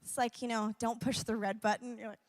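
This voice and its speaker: High-voiced young female worship leader, chatty and rambling at a church event. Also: flat delivery, brisk, long reverb tail. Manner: chatty, rambling, laughs often, many fillers. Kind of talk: sermon-like personal talk.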